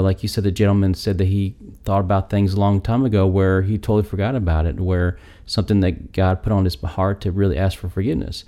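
Deep, mellow man reflecting on faith. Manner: reflective, rambling, backs his partner with murmurs. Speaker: co-host of a faith discussion. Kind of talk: casual Bible discussion.

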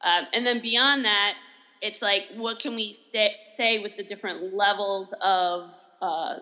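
A woman guest talks casually through an interview in a bright, forceful voice. She rambles, leans on "like" again and again, and corrects herself mid-thought. Her pitch sits in an ordinary middle range. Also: poor audio. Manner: rambling, heavy use of "like" as a filler; explains with quick self-corrections. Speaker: improv teacher and podcast guest.

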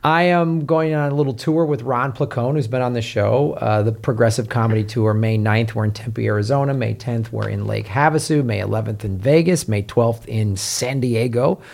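A man's voice: medium pitch, normal speed, creaky, hardly any pauses, a little mellow. A man co-hosting a comedy podcast, joking around and plugging his tour dates. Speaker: podcast co-host. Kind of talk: casual comedy podcast chat.

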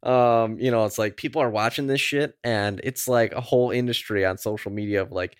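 A man's voice: on the low side, fairly quick, no room sound, studio quality. A man co-hosting a podcast in a casual chat, rambling and laid-back with lots of fillers. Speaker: podcast co-host.

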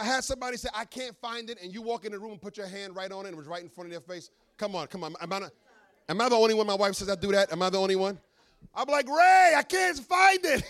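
A middle-aged man, a pastor, preaching an animated sermon with humorous asides to his congregation. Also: sits high.

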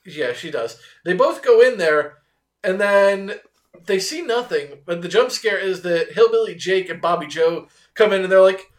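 Man with a high voice, casual movie recap, animated retelling. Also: a little slow. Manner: animated retelling, acting out lines. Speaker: podcast co-host.

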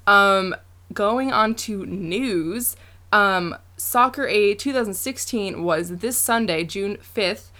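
A woman's voice: mid-range voice, slow pace, sharp tone. Chatty, giggly young woman co-host. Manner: chatty, giggly, lots of fillers. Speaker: podcast co-host. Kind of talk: casual chat.

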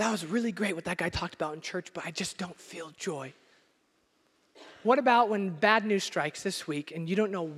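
A man preaching a sermon as pastor in a church, emphatic and at times nearly shouting. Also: high-pitched. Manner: emphatic, rising to near shouts. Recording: long hall reverb.

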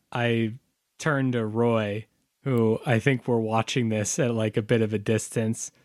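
A man's voice: mid-range voice, flat delivery, takes it slowly, darkish tone, dry recording, studio quality. A man playing a tabletop game, playful and often laughing. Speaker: player.

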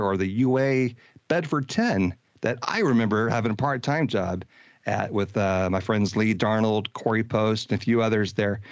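A man in his fifties hosting a podcast, chatting in a relaxed, rambling way about old times. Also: mid-range voice, no room sound. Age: 50s. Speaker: podcast host. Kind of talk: casual nostalgic chat. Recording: dull dry lo-fi recording.

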